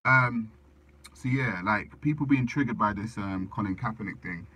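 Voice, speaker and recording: A man's voice: on the low side, normal speed. A man ranting casually on a live stream into his phone, swearing often and repeating himself as he searches for words. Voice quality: animated, profane, repetitive. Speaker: livestreamer. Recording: background noise with passing vehicles.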